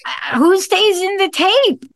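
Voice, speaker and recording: A woman hosting a casual chat, lively and exclaiming, correcting herself with a laugh. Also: extremely high pitch, slow, creaky, no room sound.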